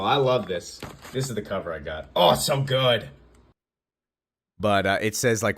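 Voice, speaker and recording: A man recapping a comic issue in an excited, gushing way, briefly reading the characters' lines in slightly changed voices. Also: fairly low pitch, a little slow, pauses often, no echo. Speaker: comic book reviewer.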